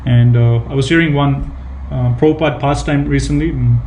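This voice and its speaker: A man's voice: mid-range voice, fairly even intonation, brisk, darkish tone, a little hiss or hum. A man giving a devotional scripture class, retelling anecdotes with emphatic repetition and casual fillers. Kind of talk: devotional sermon with retold anecdotes.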